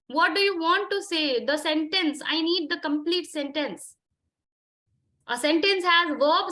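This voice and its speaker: An Indian woman leading an online group discussion class in communication skills keeps pushing her students to speak clearly. Her high voice is bright and clear, and her questioning is probing and insistent as she switches between English and Hindi.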